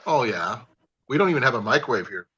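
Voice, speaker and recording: A man's voice: medium pitch, very animated, fast, sharp tone, slightly rough. A man hosting a livestream, chatting casually and easygoingly with callers and often restarting his sentences. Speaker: livestream host. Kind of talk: casual video-call chat. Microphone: livestream call audio. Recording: lo-fi livestream audio.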